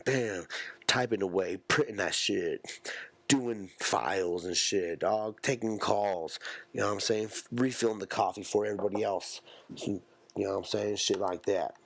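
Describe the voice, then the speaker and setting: Man, low voice, solo podcast host, profane rambling slang, close mic, dead dry sound. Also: dry recording.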